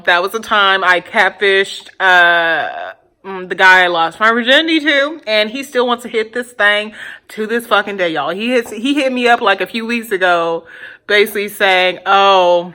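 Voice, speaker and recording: A woman's voice: medium pitch, expressive, measured pace, sharp tone. A woman in her twenties casually telling a storytime tale to her viewers, blunt and profane, laughing often. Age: 20s. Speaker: vlogger.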